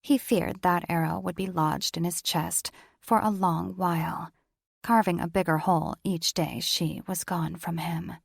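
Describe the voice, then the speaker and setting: A woman narrating a paranormal romance audiobook in measured, steady storytelling. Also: on the low side, vocal fry, breathy edge, no room sound, studio quality. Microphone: studio microphone.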